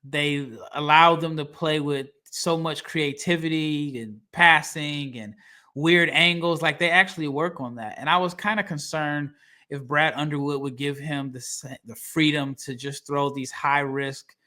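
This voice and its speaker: A man with a bright, slightly high voice talks through basketball prospects in casual podcast chat. He is animated and laughs easily, and he acts out what other people said. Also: unhurried. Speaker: podcast co-host, draft analyst. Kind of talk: casual sports podcast talk.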